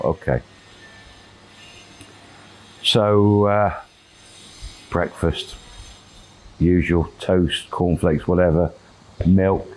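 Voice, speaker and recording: A man telling a long story in a relaxed, rambling way, with fillers and quoted dialogue. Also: sits low, rough recording. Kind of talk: casual spoken storytelling.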